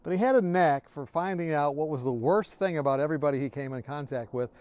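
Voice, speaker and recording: A man giving an earnest devotional talk, telling a story from his workplace and often dropping to a hushed, quiet voice. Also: a little high, fast talker. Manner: earnest, sinks to a hushed near-whisper. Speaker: devotional speaker.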